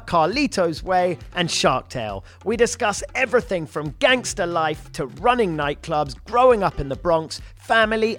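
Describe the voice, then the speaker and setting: A man's voice: sits high, a bit bright. A man hosting a podcast interview, upbeat and casual, calling his guest "man" and swearing freely. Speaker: podcast host.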